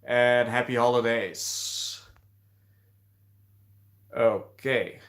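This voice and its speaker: A man's voice: mid-range voice, steady tone, drawn-out words, fairly bright tone. A man hosting a casual livestream, talking hesitantly with many fillers and restarts. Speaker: livestream host.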